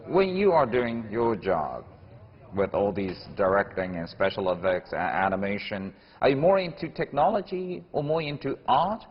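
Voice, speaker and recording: A man's voice: on the low side, animated, moderate pace, husky, big-room sound, lo-fi sound. A man interviewing a guest, asking long winding questions. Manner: long winding questions, soft backchannel murmurs.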